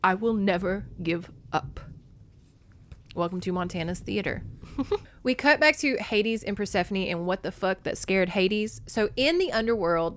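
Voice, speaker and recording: A woman podcast host casually recapping a novel, chatty and animated, swearing freely. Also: mid-range voice.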